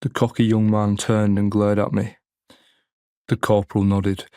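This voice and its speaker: A male narrator reads a first-person audiobook with a low, level voice. His delivery is measured and restrained. The sound is dry and close. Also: level tone, darkish tone, no echo.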